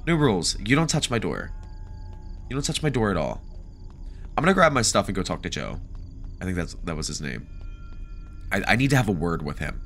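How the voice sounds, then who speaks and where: A man commenting on a horror game as he plays, jokey and animated, and he talks back to the characters. His voice is low, but it swings widely in pitch. Faint music plays in the background. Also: a little fast, pauses often. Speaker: gaming video creator. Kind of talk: let's play commentary.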